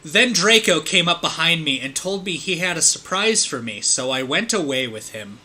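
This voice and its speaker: Animated man reading aloud, bright voice. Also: on the high side, normal speed, a little hiss or hum. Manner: laughs often, stumbles over the text. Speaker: host reading a fanfiction aloud. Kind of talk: comedic read-aloud with friends.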